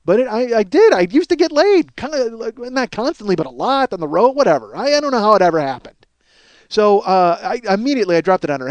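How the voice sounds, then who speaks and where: A man in his forties hosting a podcast and telling a comic story, profane and self-mocking, and he gets loud and worked up. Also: sits high, sing-song, fast, no echo, muffled recording. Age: 40s. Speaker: podcast host.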